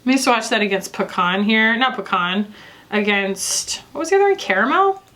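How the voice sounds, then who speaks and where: A woman's voice: medium pitch, lively intonation, moderate pace, fairly bright tone. A young woman beauty reviewer chatting casually and rambling with lots of fillers while doing her makeup.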